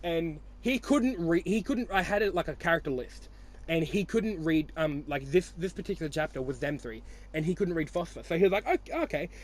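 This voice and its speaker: A man's voice: a little high, lively intonation, fairly quick. A young Australian man hosting a podcast, chatting casually with friends in a rambling, teasing way full of swearing. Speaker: podcast host. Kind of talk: casual chat.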